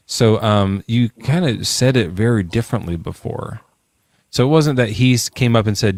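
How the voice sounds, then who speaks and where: A man's voice: on the low side, moderate pace, dry recording. Man hosting a casual debate stream. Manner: questioning, reads verses aloud. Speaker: stream host.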